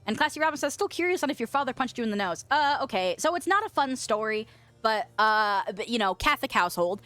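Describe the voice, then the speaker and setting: A woman's voice: on the high side, animated, fast talker, sharp tone, soft background music. A young woman streamer chatting casually while eating peanut butter, reading chat messages aloud, giggling and humming filler.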